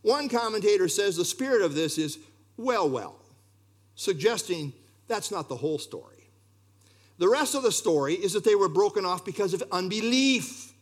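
Animated high-voiced male preacher. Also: normal speed. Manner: animated, emphatic preaching with sudden drops in volume. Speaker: pastor. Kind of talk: expository sermon.

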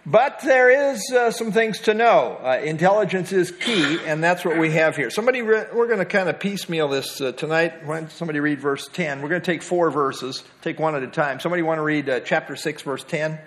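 A man's voice: on the high side, fairly quick, few pauses, a bit bright, slight background noise. A man teaching a Bible study to a small group, talking in a conversational way with many fillers and stressing key words.

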